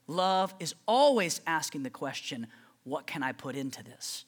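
Casting: lively preacher, mid-pitch voice that swings widely, chatty and direct with the congregation. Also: moderate pace. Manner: conversational, animated preaching with rhetorical questions. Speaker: pastor. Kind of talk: sermon.

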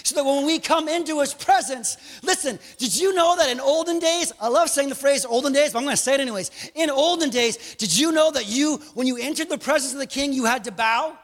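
A man preaching a sermon as pastor, animated, with joking asides and bursts of raised emphasis. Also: extremely high pitch, brisk, few pauses, in a large hall.

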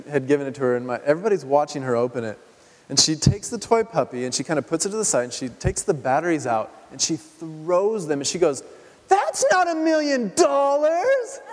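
A male pastor giving a conversational sermon, asking his listeners rhetorical questions as he goes. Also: a little high. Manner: chatty, full of rhetorical questions. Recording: long hall reverb.

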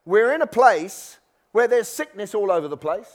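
A man preaching in a church, his voice sitting high for a man. He keeps the sermon conversational and chatty, now and then slipping into the voices of the people he describes. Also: lively intonation, normal speed. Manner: conversational, acts out worried believers' voices.

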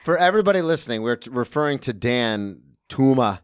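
A man's voice: mid-range voice, lively intonation, fairly quick, smooth, dry recording, studio quality. A man hosting a podcast in casual chat, wry and swearing freely. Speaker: podcast host.

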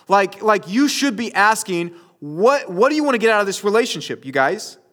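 A man's voice: high voice, sing-song, normal speed, a bit bright. A man preaching a sermon in a conversational storytelling way, often speaking to his listeners as you guys. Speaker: pastor.

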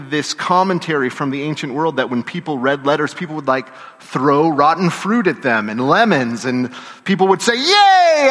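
Animated preacher in a reverberant church. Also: male voice, a little high. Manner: animated storytelling preacher, getting the congregation to shout responses. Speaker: pastor. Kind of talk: sermon. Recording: long reverb of a church hall.

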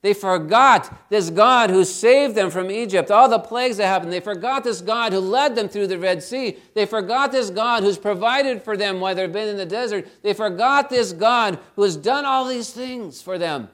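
A man's voice: high voice, moderate pace, hardly any pauses, fairly bright tone. A man preaching a sermon, retelling a story and exhorting his listeners with earnest, direct questions.

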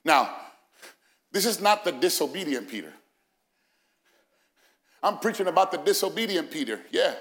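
A male senior pastor preaching an Easter sermon in a church, building from quiet reasoning to shouted, sung-out climaxes. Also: on the high side, very animated, normal speed, pauses often. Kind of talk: Pentecostal-style Easter sermon. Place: church sanctuary, also broadcast.

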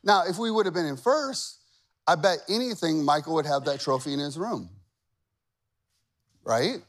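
A man's voice: on the high side, animated, normal speed. A man in his forties preaching a sermon in a chatty, self-deprecating way, often asking the crowd questions. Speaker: pastor. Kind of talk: sermon with personal stories.

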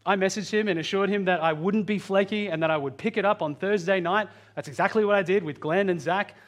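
A man preaching a sermon, earnest, slowing down and speeding up for emphasis. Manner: earnest, varies pitch and pace for emphasis. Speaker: pastor.

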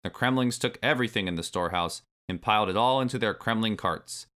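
Low-voiced man reading a storybook. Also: fast, fairly bright tone. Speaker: narrator. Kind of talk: storybook read-aloud.

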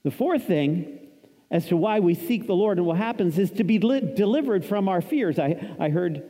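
A man in his fifties preaching with a high, mellow voice, pressing his points through repetition and scripture quotes. The sound rings with a long reverb, as from a large hall. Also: animated, normal speed. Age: 50s. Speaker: pastor. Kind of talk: sermon.

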